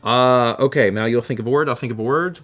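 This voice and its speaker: A man's voice: medium pitch, quick pace, a bit bright. A man streaming a video game, chatting casually and rambling with frequent self-corrections. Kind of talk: casual gameplay chat.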